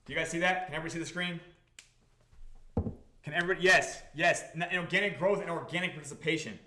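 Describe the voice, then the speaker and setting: A man hosting a livestream about his crypto project, talking to the chat in an excitable, profane, repetitive way. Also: fairly high pitch, fast, echoey room, a little hiss or hum. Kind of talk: livestream talk to a chat audience.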